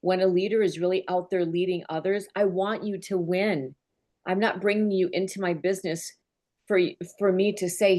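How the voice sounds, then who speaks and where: On a group call with her team, a woman who mentors in business gives a heartfelt, earnest talk, conversational and openly emotional. She has a lowish, slightly mellow voice with fairly even intonation and a moderate pace.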